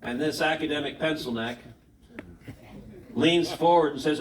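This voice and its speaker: A senator with a slightly high voice speaks at a moderate pace, giving an emphatic public keynote full of rhetorical questions and anecdotes. His voice comes from far off in a large, echoey hall with faint noise.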